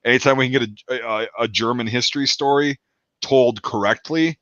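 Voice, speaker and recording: A man's voice: medium pitch, steady tone, normal speed, fairly bright tone, dry recording. A man chatting casually on a podcast call, rambling, with frequent restarts. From Wisconsin. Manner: rambling, quotes others in put-on voices. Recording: dull dry lo-fi call audio.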